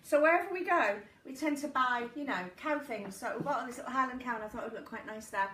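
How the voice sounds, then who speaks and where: Chatting and giggling through stories, this woman runs a casual live stream from her living room. She talks fast in a fairly high, fairly bright voice. The room echoes, the mic sits at a distance, and there's faint background noise.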